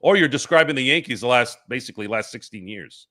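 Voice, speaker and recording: A man's voice: medium pitch, expressive, fast, pushed and bright. A man hosting a casual sports live stream, reading chat comments aloud and arguing back at them in rambling, restarting sentences.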